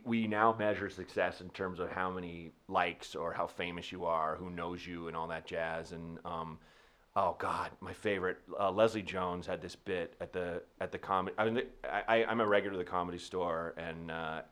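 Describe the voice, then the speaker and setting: A man with a fairly low voice, chatting on a podcast as a comedian guest. He rambles through his stories with many restarts, and he gets animated as they build. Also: moderate pace. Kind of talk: casual podcast chat.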